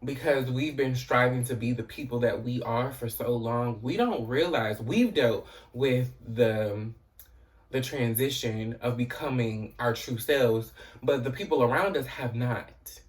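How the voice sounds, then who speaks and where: A man talks through a TV episode in a loose, chatty recap, peppering his sentences with "you know" and "um" and the odd curse. His voice sits at an everyday middle pitch. He sounds a little distant from the mic. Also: measured pace. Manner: chatty, profane, frequent "you know" and "um" fillers. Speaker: TV recap host.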